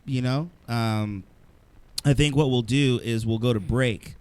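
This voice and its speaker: A man's voice: mid-range voice, a little slow, clear, resonant tone, no room sound. A man co-hosting a podcast, chatting bluntly about sports with frequent swearing and laughter. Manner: blunt, profane, laughs often. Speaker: podcast co-host. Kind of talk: casual sports chat. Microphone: studio mic, live-streamed show.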